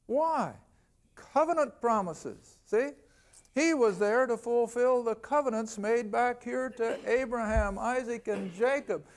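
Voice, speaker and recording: An older man giving a televised Bible lesson in a folksy, conversational way, reading scripture aloud slowly. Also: very high voice, sing-song. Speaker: Bible teacher.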